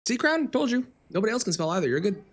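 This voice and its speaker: A man's voice: high voice, sing-song, quick pace. A man streaming a game live, talking to his chat and grumbling at the game. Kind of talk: live gameplay commentary.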